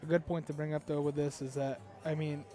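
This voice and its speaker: A man's voice: a little high, level tone, a little fast, mellow, faint music behind. A man giving live play-by-play pool commentary, analytical and thinking aloud with frequent fillers. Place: pool hall.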